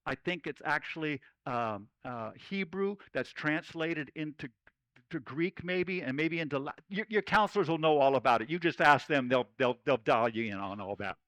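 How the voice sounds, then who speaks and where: A man's voice: on the high side, pushed and bright, no room sound, poor audio. A man speaking as a folksy cowboy storyteller, giving a playful chapel talk to children at camp. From Oregon.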